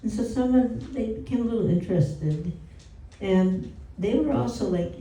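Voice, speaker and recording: Woman storyteller at a home gathering, low warm voice, conversational, picked up at a distance. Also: measured pace, vocal fry. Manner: conversational, frequent "you know" asides. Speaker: speaker at a devotional home program. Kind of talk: storytelling talk. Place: indoor gathering room. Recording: roomy and distant from the mic.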